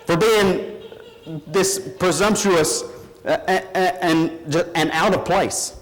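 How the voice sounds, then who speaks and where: A man preaching a sermon in a church, telling a story in an animated, emphatic way. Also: high-pitched, slow, long reverb tail, low-quality recording.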